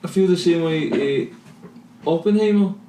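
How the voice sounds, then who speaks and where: A man's voice: high voice, moderate pace, dark tone, far from the mic. A Scottish man rambles through casual podcast banter, cursing as he goes and wandering off topic. He sits back from the microphone, so his voice carries a roomy echo, with faint noise underneath. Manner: rambling, sweary, goes off on tangents. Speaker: podcast co-host.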